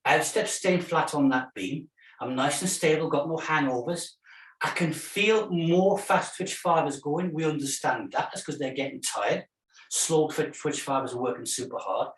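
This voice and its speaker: A middle-aged man leads a fitness class with a chatty, encouraging patter and counts down each hold. His voice sits a little high for a man. He is picked up from some distance in a roomy, echoing studio. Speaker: fitness instructor. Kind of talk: live workout instruction.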